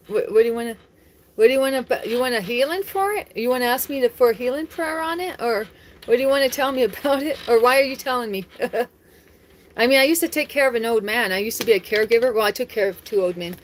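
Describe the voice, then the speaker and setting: Friendly woman streamer, higher voice, chats to viewers from home with frequent laughs, light hiss behind. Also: quick pace. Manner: chatty, laughs often, talks straight to viewers. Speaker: live streamer. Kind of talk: casual live-stream chat.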